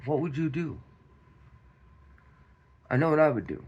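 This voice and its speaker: Guy ranting slowly at his viewers, lots of restarts and repeats, keeps asking what would you do. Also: a little high, darkish tone, slightly rough, lo-fi sound. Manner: repetitive, restarts, rhetorical questions to viewers. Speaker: commentary channel host. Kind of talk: casual commentary monologue.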